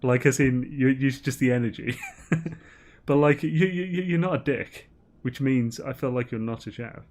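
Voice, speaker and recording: A man's voice: medium pitch, normal speed, a little mellow. A man streaming a game, chatting in a rambling, giggly way full of ums and restarts. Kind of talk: casual gaming banter.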